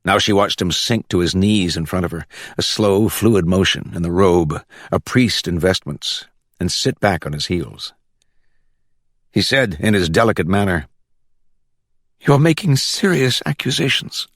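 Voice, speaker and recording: A man narrating a crime novel as an audiobook, with an expressive reading. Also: deep voice, moderate pace, no room sound, studio quality. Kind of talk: scripted narration.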